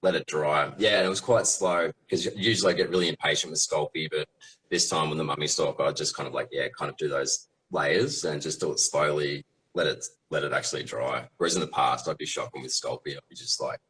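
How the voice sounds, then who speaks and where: A man with an extremely low, rumbling voice talks through his process as a guest on a live Q&A. He rambles loosely and hesitantly, piling up fillers as he goes. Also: fairly even intonation, fairly quick, fairly bright tone, poor audio. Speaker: guest resin toy maker. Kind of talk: casual live Q&A chat.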